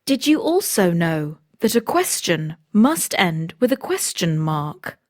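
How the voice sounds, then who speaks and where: Female instructional reader, slow, clear, lively intonation. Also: on the low side. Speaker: textbook audio narrator. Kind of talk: scripted instructional reading.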